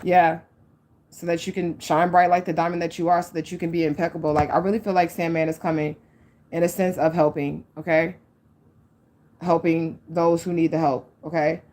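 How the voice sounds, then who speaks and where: A woman with a slightly low voice gives a casual spiritual card reading. She talks straight to her viewers, blunt and profane, with lots of "like" and "okay?" between thoughts. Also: little pitch movement, normal speed, a little mellow. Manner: frank and profane, with many likes and okays; earnest, speaks straight to the audience. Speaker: psychic tarot reader.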